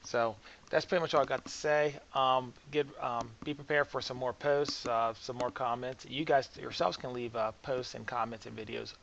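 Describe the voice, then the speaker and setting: Gravelly man ranting about football. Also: mid-range voice, fairly even intonation, moderate pace, a bit bright, dull audio, slight background noise. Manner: filler-heavy, sarcastic, rambling. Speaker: sports commentary vlogger. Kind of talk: casual football commentary.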